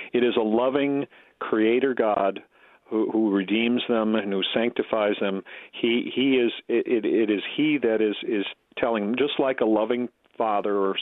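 A man's voice: fairly low pitch, no echo. A man joining a radio talk show as a guest pastor, explaining with stumbles and repeated words. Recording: tinny phone line.

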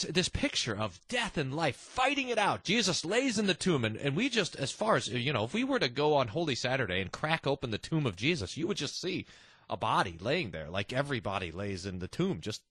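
A man's voice: medium pitch, fairly bright tone, husky, dry recording, clean studio sound. A man hosting a devotional podcast, talking earnestly and animatedly, often restarting his sentences. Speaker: podcast host.

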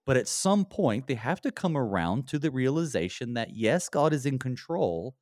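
Male pastor, conversational Bible study, very lively pitch, dry close sound. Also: moderate pace, dry recording. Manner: animated, acts out quoted lines in a lifted voice.

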